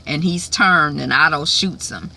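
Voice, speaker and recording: Chatty woman recapping with bright tone. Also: sits low, unhurried, vocal fry. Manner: chatty and rambling, playful asides. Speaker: host of a TV recap channel. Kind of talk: casual TV episode recap.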